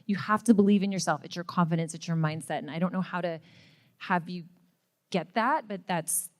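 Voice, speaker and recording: A woman's voice: on the low side, a little fast. A woman speaking earnestly on a stage panel, encouraging the audience. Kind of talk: motivational panel talk. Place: event stage.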